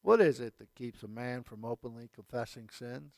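A man's voice: mid-range voice, animated, normal speed, creaky, a little mellow, no room sound. A male pastor giving a sermon, emphatic, with repeated phrases and casual asides. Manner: emphatic preaching with repetition and asides.

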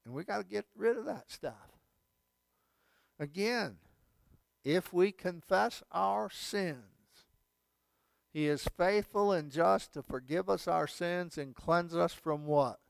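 A man's voice: high voice, animated, slow pace, gravelly, long pauses, no room sound. A male pastor giving a sermon, emphatic, with repeated phrases and casual asides. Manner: emphatic preaching with repetition and asides.

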